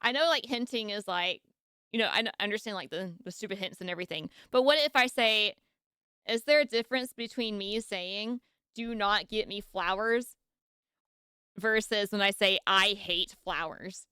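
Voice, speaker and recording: A woman's voice: mid-range voice, a little fast, pushed and bright, smooth, no room sound, clean studio sound. A woman streaming a casual reaction, chatty and rambling, with frequent giggles and restarts.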